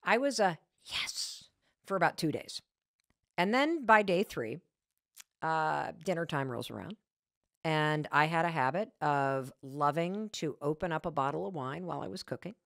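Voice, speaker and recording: Emphatic woman with a lively low voice. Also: normal speed, gravelly, no echo, studio quality. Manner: emphatic, repeats key points, self-mocking storyteller; candid with mild profanity. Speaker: podcast host. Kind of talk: motivational talk.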